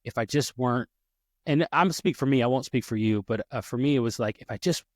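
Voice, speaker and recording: This podcast host talks in a relaxed, rambling way, full of fillers and restarts, voicing the lines of the people he quotes. He speaks fairly quickly in a mid-range voice, recorded dry with studio quality.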